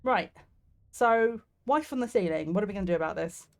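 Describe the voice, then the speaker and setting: A woman's voice: mid-range voice, lively intonation, a little fast. A young woman from southeast England with a southeast English accent, rambling and laughing as she streams a game. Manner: chatty, rambling, laughs often, swears casually. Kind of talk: casual gameplay commentary.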